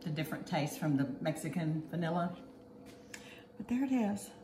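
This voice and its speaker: A woman with a lowish voice runs a casual home cooking demo, chatty and a little bossy as she walks through each step. She is recorded in an echoey kitchen with clear noise in the background. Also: lively intonation, moderate pace. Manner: chatty and a bit bossy, giving step-by-step instructions. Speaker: cooking show host.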